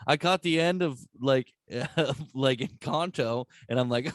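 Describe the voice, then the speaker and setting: A young man hosting a podcast in casual chat, excitable and profane, rambling with lots of restarts. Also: medium pitch, normal speed, dry recording.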